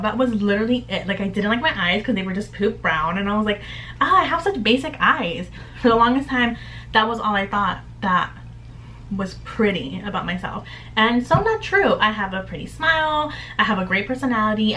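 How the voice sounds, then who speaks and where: A woman's voice: a little high, a bit bright, a little hiss or hum, rough recording. A young woman vlogging at home in a chatty, upbeat, candid way, full of "like" fillers. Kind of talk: casual chat to camera.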